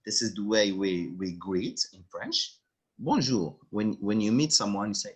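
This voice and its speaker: Slow, lively-pitched husky male teacher. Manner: patient, repeats phrases slowly. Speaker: French teacher. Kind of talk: online language lesson.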